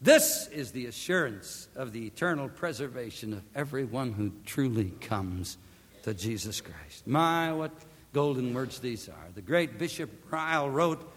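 A man preaching a sermon, swinging from loud emphatic peaks to hushed near-whispers. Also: mid-range voice, lively intonation, measured pace, breathy edge. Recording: long hall reverb.

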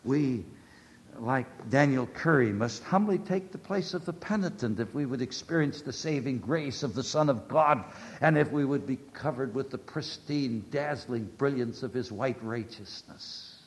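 Male preacher with a mid-range voice, delivering a sermon with big swings from ringing declarations to hushed near-whispers. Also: mid-range voice, normal speed.

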